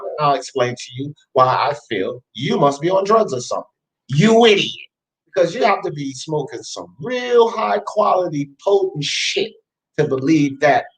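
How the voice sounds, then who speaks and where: A man's voice: medium pitch, rough recording. A man hosting a sports talk show, ranting scornfully and emphatically, repeating his jabs.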